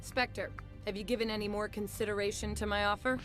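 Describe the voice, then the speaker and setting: A woman's voice: medium pitch, level tone, fairly quick, fairly bright tone, soft background music, lightly acted. An actress playing a guarded female internal affairs officer in a video game, speaking in a dry, businesslike way. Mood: brisk. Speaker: police officer.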